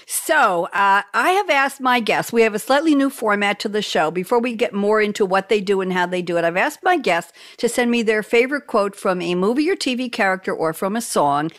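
A woman's voice: medium pitch, fairly bright tone, dry recording, studio quality. A woman hosting a radio talk show over a video call, telling a story with emotion and laughter. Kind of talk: casual talk show chat.

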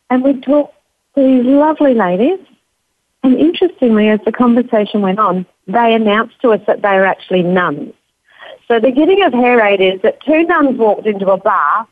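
A woman's voice: fairly high pitch, animated, moderate pace, dry recording. A woman in her fifties with an Australian accent, a grandmother and charity founder, answering interview questions as she tells a long story and quotes others in a lifted voice. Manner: warm anecdotal storytelling, quoting others with lifted voice. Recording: dry tinny phone line.

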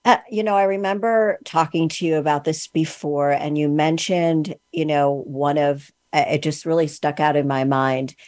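A woman's voice: deep voice, steady tone, normal speed, few pauses, darkish tone, no echo, studio quality. A woman hosting a podcast interview, asking long, rambling questions full of fillers. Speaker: podcast host. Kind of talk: casual interview talk.

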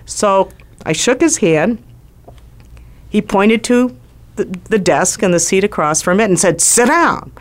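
A middle-aged woman, a former White House doctor, telling a lively personal story on a talk show. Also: medium pitch, unhurried, pauses often. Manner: lively anecdotal storytelling with acted quotes.

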